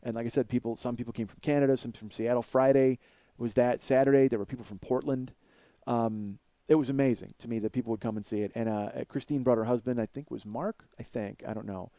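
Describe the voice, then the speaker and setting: A man's voice: medium pitch, fairly even intonation, quick pace, warm tone, no room sound, lo-fi sound. A man in his forties hosting a podcast, rambling in a self-deprecating, swear-heavy comedic monologue. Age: 40s. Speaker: podcast host.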